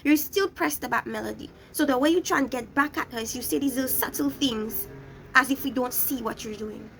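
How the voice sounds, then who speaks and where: A young woman with a high voice and a gravelly edge, ranting through a reality show review. She scolds bluntly and talks straight at the people she criticizes. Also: fairly quick, fairly bright tone, slight background noise. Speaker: reality TV recap vlogger.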